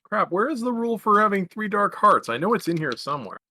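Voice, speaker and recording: A man plays a tabletop game and flips through the rulebook, talking with easy excitement. His voice is bright and the sound is dry and close. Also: sits high, fast talker, no echo. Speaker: player. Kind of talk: casual tabletop play.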